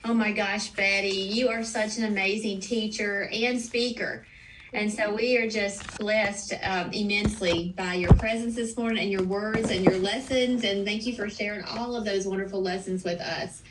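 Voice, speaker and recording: A woman's voice: medium pitch, fairly even intonation, normal speed, distant mic, background noise. A woman hosting a video-call meeting, gushing and encouraging as she thanks the speaker. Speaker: meeting host. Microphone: video call microphone.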